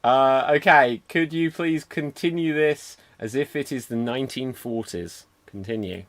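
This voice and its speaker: A man hosting an improv show, setting up scenes in a brisk, cheerful way over a video call. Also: medium pitch. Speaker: improv host.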